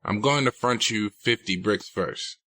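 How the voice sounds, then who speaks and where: A man's voice: on the low side, unhurried, bright, forceful tone, no room sound. A man reading a novel aloud, putting on the voice of a blunt drug supplier with a thick Spanish accent. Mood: commanding.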